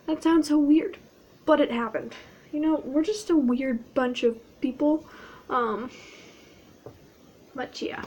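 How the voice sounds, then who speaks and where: A woman's voice: high-pitched, a little slow, pauses often, a little hiss or hum. A woman vlogging in character as a cosplayer, rambling in a playful, self-mocking way. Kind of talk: casual in-character cosplay vlog.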